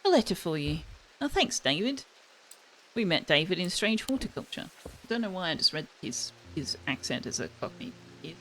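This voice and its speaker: Woman streamer, low-pitched, casual let's-play talk with read-aloud game text. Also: sing-song, moderate pace, pushed and bright, slight background noise. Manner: chatty, switching between asides and reading.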